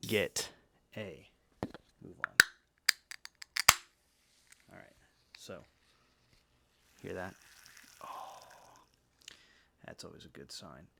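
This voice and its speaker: A man's voice: deep voice, vocal fry, fairly bright tone, slight background noise. A man hosting a casual talk, chatty and jokey, full of asides and tag questions. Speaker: host reviewing energy drinks and decks. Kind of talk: casual chat.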